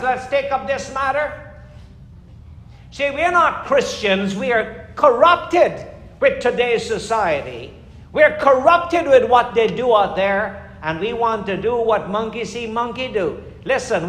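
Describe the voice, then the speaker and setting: Man, pastor, fervent sermon, high voice, echoey church room. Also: a bit bright. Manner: fervent, emphatic preaching with rises and slowdowns.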